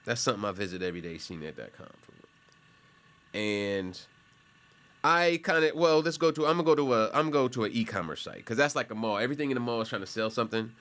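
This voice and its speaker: A man's voice: medium pitch, expressive, fast, a bit bright. Male instructor, offhand and chatty, talking through a screen demo with frequent asides. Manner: conversational and rambling, with self-corrections and asides. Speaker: college instructor. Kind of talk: casual classroom explanation while screen sharing.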